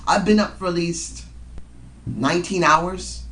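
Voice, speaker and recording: A man reviewing a wrestling show in a casual vlog. He is hoarse from yelling and short on sleep, slightly slurring, and talks like a rambling, excitable fan. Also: high-pitched, measured pace.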